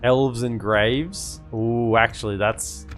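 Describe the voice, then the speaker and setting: A man's voice: mid-range voice, steady tone, slow. A man giving casual live commentary on a strategy game, chatty, repeating himself and giving orders to his units. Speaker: game streamer. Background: game music.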